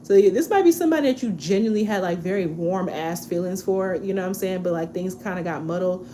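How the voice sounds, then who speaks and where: A chatty young woman in her twenties talks through a tarot reading in a loose, relaxed way, often tagging lines with "okay?". Her voice sits a little low for a woman. A faint hiss runs under her voice. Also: a little fast. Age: 20s. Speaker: tarot reader.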